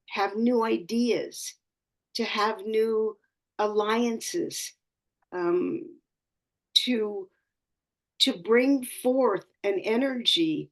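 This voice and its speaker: On a community call, a woman astrologer offers an earnest spiritual talk in a mid-range voice. She keeps hunting for the right words, frequently starting her phrases over.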